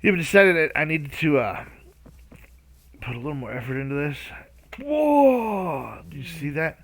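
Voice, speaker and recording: A man's voice: fairly high pitch, a little fast, fairly bright tone. A man rambling through gameplay commentary, hesitant and self-talking, often stalling and humming nonsense syllables. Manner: rambling, hesitant, talks to himself; hums and scats nonsense syllables. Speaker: Minecraft let's-play host.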